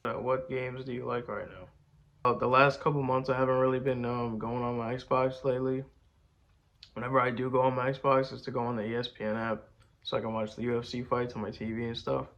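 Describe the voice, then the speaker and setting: In lo-fi sound, a young rapper responds to fan questions with flat, slightly fast delivery and a medium-pitched, somewhat bright voice. The chat is casual and rambling, boastful and loaded with "bro" and "man."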